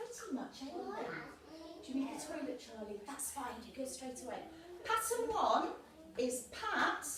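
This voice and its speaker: A woman's voice: high-pitched, background noise. A woman teaching a primary school maths lesson, encouraging the children and chanting patterns with them. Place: classroom. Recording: echoey classroom from a distance.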